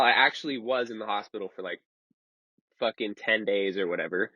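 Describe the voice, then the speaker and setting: A man's voice: fairly low pitch, brisk, sharp tone, husky, no echo. A young man in his twenties telling a story casually, rambling and swearing and saying "dude" a lot. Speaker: vlogger. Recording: slightly muffled lo-fi recording.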